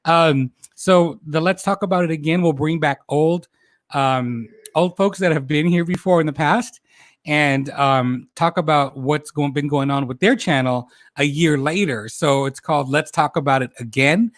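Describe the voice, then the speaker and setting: This is a chatty man in his forties who hosts a casual livestream for his viewers. He talks a little high and laughs a lot, often tripping over his own words. The sound is dry and close, with no room around it. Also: no room sound. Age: 40s. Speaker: host.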